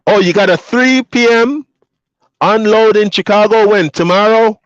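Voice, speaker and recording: On a livestream, a truck driver from Jamaica with a Jamaican accent, and Patois as his first language, reads viewers' comments aloud and responds in a relaxed way, often laughing. His voice is high-pitched and a little slow, and the recording is dull, dry, lo-fi, and free of echo.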